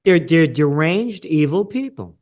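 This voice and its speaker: Older New York guy, fairly high voice, emphatic, curses freely, interview guest. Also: very animated, a little slow, a little mellow. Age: 70s. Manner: blunt, emphatic, swears freely. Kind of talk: conversational interview.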